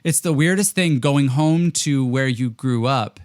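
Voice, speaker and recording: A man from rural Ontario hosting a conversational interview, friendly and jokey, quick to laugh. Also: mid-range voice, dry recording. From rural Ontario, Canada. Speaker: podcast host.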